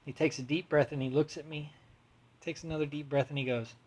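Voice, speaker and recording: A man hosts a casual home podcast, telling a story with plenty of cursing and restarts. His voice sits a little high for a man. He talks in a loose, conversational way. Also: steady tone, brisk. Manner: rambling, profane, restarts often. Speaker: podcast host.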